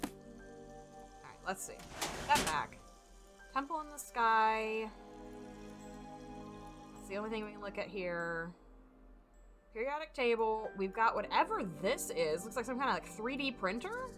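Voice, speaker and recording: A woman's voice: fairly high pitch, sing-song, unhurried, pauses often. A woman streamer chatting casually and giggling while she plays a mystery game. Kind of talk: casual gameplay commentary. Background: background music.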